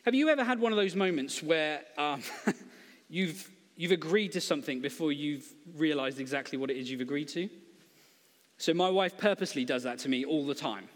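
A man's voice: fairly high pitch, normal speed, long reverb tail. A man preaching a sermon in a conversational, humorous storytelling way, acting out quotes.

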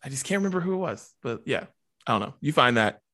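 A man's voice: mid-range voice, big pitch swings, fast talker, pushed and bright. A young man co-hosting a casual music podcast, easygoing and self-deprecating, laughing often. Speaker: podcast co-host.

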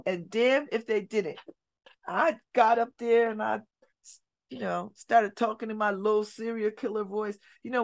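A middle-aged woman hosting a community radio show, telling stories in an animated way and dropping her voice low and soft for emphasis. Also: gravelly. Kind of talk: casual talk radio monologue. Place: radio studio.

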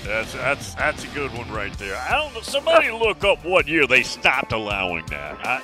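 A man's voice: medium pitch, huge pitch swings, normal speed, music in the background. A man hosting a sports radio talk show, reacting briefly and leading into a break. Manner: short reactions, wraps up segments.

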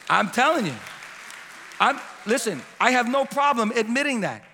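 A pastor in his fifties preaching a sermon with passion, climbing to loud repeated cries and falling to a soft voice in prayer. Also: very high-pitched, very animated, normal speed, some chatter behind, a little hiss or hum. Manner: passionate, building to shouts and dropping to soft prayer. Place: church sanctuary. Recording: long reverb of a church hall.

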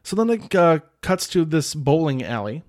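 A man's voice: on the high side, sing-song, moderate pace, a little mellow. A man hosting a podcast, casually recapping a film in a rambling way, with lots of filler words and restarts. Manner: rambling, many filler "like"s and restarts, chuckles often. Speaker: podcast host reviewing a film.

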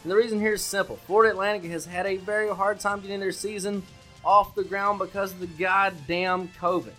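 A man co-hosting a sports betting podcast, talking loudly and brashly with lots of swearing and hype. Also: high voice, steady tone, brisk, faint music behind. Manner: loud, brash, profane and hyped. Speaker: podcast co-host.

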